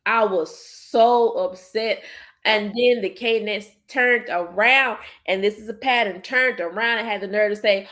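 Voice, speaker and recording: A woman's voice: medium pitch, a little slow, a bit bright. A woman hosting a podcast in casual chat, speaking bluntly and emphatically, swearing freely. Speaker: podcast host.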